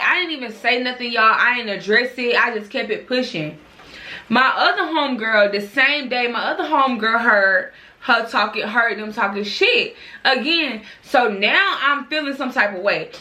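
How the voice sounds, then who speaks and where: A young adult woman vlogger telling a storytime story in casual chat, animated and profane, acting out the dialogue as she goes. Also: fairly high pitch, a little slow.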